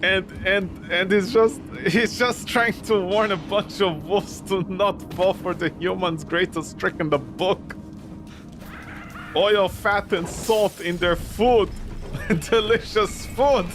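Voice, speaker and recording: A man's voice: sits high, steady tone, takes it slowly, over music. A young man streaming a video game, chatting casually and rambling through silly jokes and tangents. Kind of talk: casual gameplay commentary. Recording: loud game sound behind.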